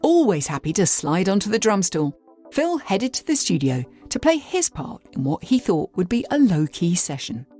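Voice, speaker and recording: An English woman presenting and narrating a documentary in a lively storytelling style. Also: mid-range voice, moderate pace. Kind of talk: scripted narration. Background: faint music.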